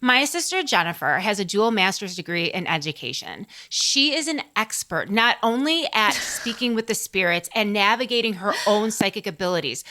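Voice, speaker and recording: Woman co-host, bright, crisp tone, warm and teasing, casual. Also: mid-range voice. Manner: warm, teasing, fond toward her sister. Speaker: podcast co-host and psychic reader. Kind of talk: casual podcast chat.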